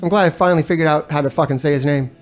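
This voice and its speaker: Rapid-fire and a little high, this streamer's voice runs over soft background music. He talks casually to his chat in an exasperated, profane, blunt rant that keeps restarting and breaking into laughter.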